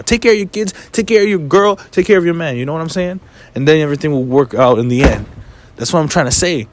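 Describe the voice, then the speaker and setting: A man speaks straight to his audience in a casual, heated rant, blunt and full of swearing. His voice sits somewhat high for a man. He lectures in a preachy way. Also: dry recording. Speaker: vlogger.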